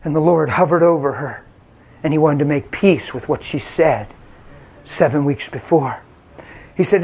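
A man's voice: fairly high pitch, moderate pace, pauses often, darkish tone, breathy edge. A man preaching a sermon, telling his own testimony with emotion and acting out the voices in it. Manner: dramatic, acts out voices, cries out.

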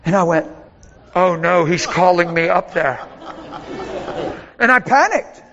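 A man preaching a sermon as a pastor, telling a story in an animated way with laughs along the way. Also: high-pitched, a little slow, gravelly, in a large hall, highs cut off, some chatter behind.

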